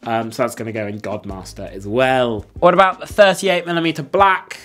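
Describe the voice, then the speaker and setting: A man's voice: medium pitch, brisk, fairly bright tone. A man hosting a casual watch ranking video, who talks in blunt, slangy, enthusiastic bursts with plenty of fillers. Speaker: host.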